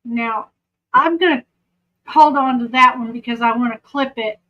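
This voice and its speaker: A woman's voice: fairly high pitch, moderate pace, lo-fi sound. A woman with a Southern accent giving casual true crime commentary, chatty and often breaking off to aside. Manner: chatty, self-interrupting.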